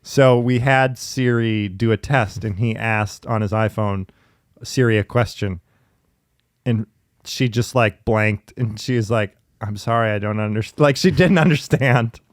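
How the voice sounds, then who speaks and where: A man in casual conversation, telling stories in a chatty, lively way with laughing asides. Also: mid-range voice, unhurried, dry recording, studio quality. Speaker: podcast guest in therapy talk. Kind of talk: casual storytelling.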